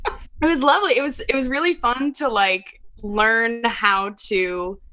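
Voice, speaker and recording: An enthusiastic woman voice actor from Pennsylvania talks casually as a podcast guest. Her tone is bright and forward. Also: on the high side, a little slow.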